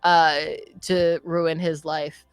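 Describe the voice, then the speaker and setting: A woman running a tabletop game as game master, narrating with animated swings in energy and frequent laughter. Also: deep voice, drawn-out words, clear, resonant tone, no room sound.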